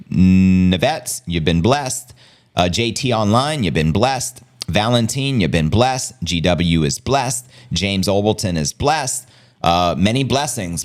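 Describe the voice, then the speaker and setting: A man hosting a live crypto news stream, reading headlines and excitedly shouting out viewers as family. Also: fairly low pitch. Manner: hype, calls viewers family, shouts out members. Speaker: crypto news livestream host.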